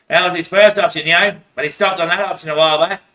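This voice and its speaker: A man's voice: high-pitched, steady tone, quick pace, bright, forceful tone. An Australian man in a rambling casual monologue, swearing a lot and laughing between phrases. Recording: echoey room, voice far from mic.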